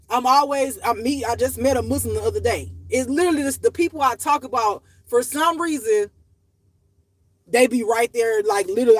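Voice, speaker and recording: In a dry recording, a woman with a slightly rough, somewhat high voice talks unscripted to her channel's viewers. She's blunt, emotional and swears freely, her delivery rising and falling as she confesses things openly.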